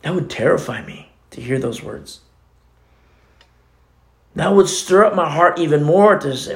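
A man's voice: fairly high pitch, expressive, a little slow, long pauses. A man preaching a sermon as co-pastor, talking in a conversational way with many asides.

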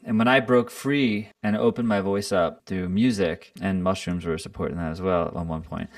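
A man's voice: low voice, steady tone, moderate pace, no room sound, studio quality, distant mic. A man talking as a podcast guest in a casual interview, reflective and earnest in how he speaks.

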